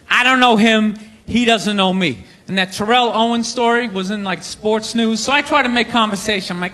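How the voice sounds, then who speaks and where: A man's voice: high voice, bright, forceful tone. A man telling a stand-up story on a club stage, conversational and building to a punchline. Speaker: stand-up comedian.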